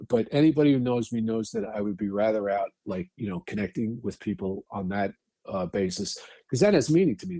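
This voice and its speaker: A man's voice: on the low side, dark tone, dry recording. A middle-aged man, telling stories bluntly as a podcast guest, with frequent restarts and swearing. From New York. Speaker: guest, actor and firefighter. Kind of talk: casual podcast interview.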